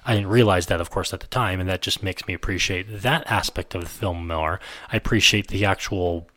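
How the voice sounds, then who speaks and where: A man co-hosting a podcast, casually reviewing a film and eagerly retelling favorite scenes with quick asides. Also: low-pitched, fairly bright tone, no room sound. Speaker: podcast co-host.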